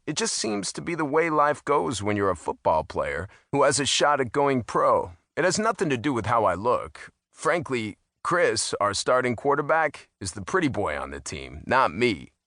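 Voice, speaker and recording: Wry man narrating with a bright tone. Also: mid-range voice, big pitch swings, measured pace, few pauses, no room sound, clean studio sound. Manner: wry, amused storytelling. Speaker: audiobook narrator. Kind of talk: first-person audiobook narration. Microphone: close studio mic.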